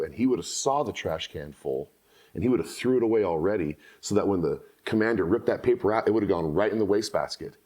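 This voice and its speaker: A man hosting a podcast, talking bluntly and telling animated stories in casual conversation. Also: sits low. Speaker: podcast host.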